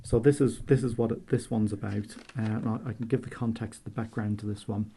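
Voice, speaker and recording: A man's voice: fairly low pitch, steady tone, a little fast, vocal fry, dark tone, breathy edge. A man in his sixties with a Manx accent, a retiring meteorologist telling humorous stories in a chatty radio interview. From Isle of Man.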